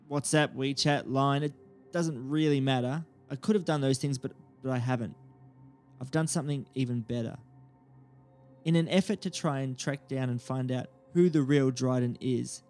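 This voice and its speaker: A man co-hosting a comedy podcast, animated and mock-grandiose, with casual swearing. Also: mid-range voice. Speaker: podcast co-host.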